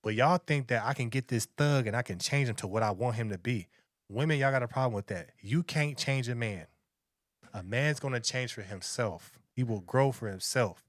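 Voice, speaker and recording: A man's voice: mid-range voice, normal speed, dry recording, clean studio sound. A man, lecturing and repeating himself as he reacts to a video. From Long Beach, California. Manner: lecturing, preachy, repetitive. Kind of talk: reaction commentary.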